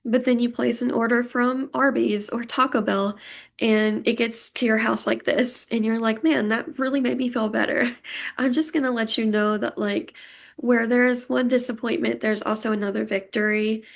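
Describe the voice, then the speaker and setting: A woman with a fairly high, creaky voice and flat delivery offers a relaxed pick-a-card tarot reading at a moderate pace. Talkative and emotional, she laughs a lot and keeps a warm, reassuring tone toward her audience.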